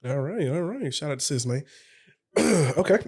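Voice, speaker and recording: A man's voice: on the high side, sing-song, moderate pace, darkish tone, husky. A man co-hosting a podcast, ranting in loose, profane casual chat and laughing often. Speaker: podcast co-host.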